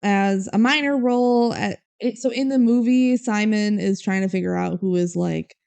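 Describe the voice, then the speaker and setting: Podcast co-host: young woman, chatty and laughing, with a smooth but gravelly voice. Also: mid-range voice, normal speed, darkish tone. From Minnesota, USA. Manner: chatty, laughing, filler-heavy. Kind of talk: casual chat.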